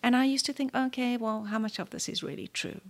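A South African woman in her fifties, a guest telling a story in an interview. She speaks with animation and acts out the voices in her story. At moments her voice falls to a soft near-whisper. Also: fairly high pitch, fairly quick, creaky.

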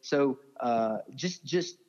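A man's voice: medium pitch, lively intonation, takes it slowly, a little mellow, long reverb tail. A man, a ministry leader telling stories as an interview guest, heartfelt and earnest, often calling the listener "man". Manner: heartfelt, speaks with feeling, says "man" often. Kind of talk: earnest conversational storytelling. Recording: dull lo-fi audio.

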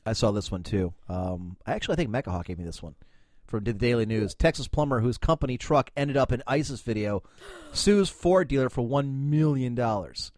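A man's voice: mid-range voice, expressive, brisk, a little mellow, no room sound, studio quality. A man hosting a comedic news podcast, rambling casually, joking and reading stories aloud. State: coughing, lungs bothering him. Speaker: podcast host.

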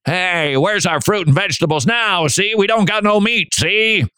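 A man's voice: sits high, moderate pace, pushed and bright, clean tone, dry recording, clean studio sound, pitched above the performer's own voice. A man putting on an old movie gangster's tough-guy voice, tagging lines with "see" as he mocks complainers. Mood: mocking complaint. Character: gruff 1950s movie gangster-style Israelite, complaining.

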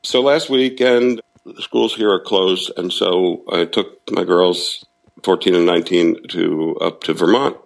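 A man's voice: low-pitched, a little slow, vocal fry, poor audio. A middle-aged man candidly telling a personal recovery story, frank and self-deprecating, laughing at himself now and then. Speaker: guest sharing recovery story.

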